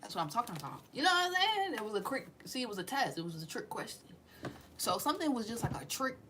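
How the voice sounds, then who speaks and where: A woman's voice: on the high side, very animated, quick pace, sharp tone, a little hiss or hum. A woman doing a casual tarot reading in slangy, profane speech, with sudden drops into whispers. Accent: Southern US. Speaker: tarot reader.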